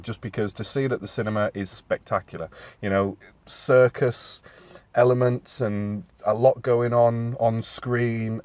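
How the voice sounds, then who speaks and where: A man in his thirties talks through a film review in a loose, chatty way, often circling back with fillers and restarts. His voice sits at an ordinary middle pitch. The sound is dry and close, with little room around it. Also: dry recording. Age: 30s. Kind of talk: casual spoken review.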